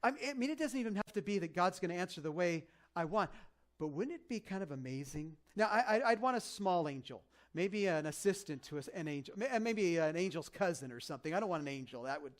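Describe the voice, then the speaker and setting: A man preaching a conversational sermon as pastor, joking and animated, with lots of fillers and restarts. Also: high voice, fast talker.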